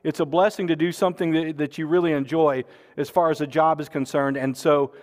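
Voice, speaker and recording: A man's voice: on the high side, steady tone, a little fast, darkish tone, big-room sound. A man preaching a sermon and making church announcements, folksy and joking, with many fillers and restarts. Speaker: pastor.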